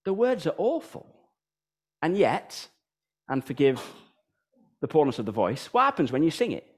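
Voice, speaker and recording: A man's voice: sits high, moderate pace, pauses often. A man in his thirties with a British accent preaching a sermon in a church, firing off rhetorical questions. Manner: animated, rhetorical questions, sings snatches of songs.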